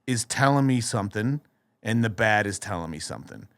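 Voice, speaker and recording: Recorded in studio quality with no echo, this man's voice runs on the low side and a little fast. A middle-aged guest on a podcast, he swears openly and performs the characters' voices while candidly recounting a personal story.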